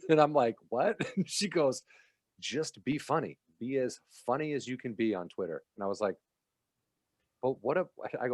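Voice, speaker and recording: A man's voice: mid-range voice, moderate pace, no echo. A man, a guest comedian on a podcast, telling stories in casual chat and acting out what others said with laughs. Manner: animated storyteller, acts out quoted lines, laughs while talking. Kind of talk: casual interview chat, storytelling.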